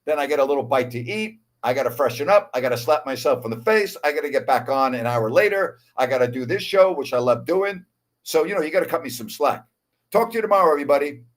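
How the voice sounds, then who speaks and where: A man in his sixties hosting a live sports talk show, wound up and excitable, calling game action and chatting while repeating himself. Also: medium pitch, fast talker. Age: 60s. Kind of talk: live show, chat with calls of a basketball game.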